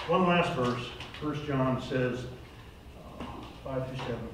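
A man's voice: mid-range voice, slow pace, fairly bright tone, slight background noise. An older man preaching a sermon to a recovery program group, earnest and plain-spoken, rising to urgent exhortation. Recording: echoey room, voice from far off mic.

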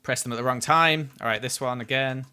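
Bright-voiced man streaming a game. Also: mid-range voice, fairly quick, clean tone. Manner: chatty, self-critical, flares up at near misses. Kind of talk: live gameplay commentary.

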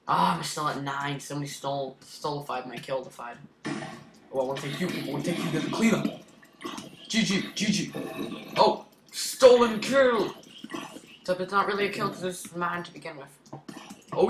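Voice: mid-range voice, reverberant, background noise. A gameplay commentator in casual let's-play chatter, playful and teasing, muttering asides to the other players.

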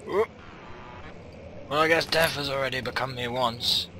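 A man's voice: medium pitch, normal speed, pushed and bright, a little hiss or hum, low-quality recording. Muttering young man playing a game. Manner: rambling, self-mocking, often muttered half to himself. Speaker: gameplay commentator. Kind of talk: let's-play commentary. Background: game music.

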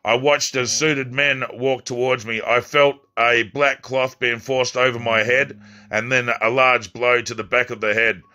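A man's voice: medium pitch, fairly even intonation, unhurried, bright, forceful tone. A man reading his own first-person story aloud, plainly, with occasional slips and restarts.

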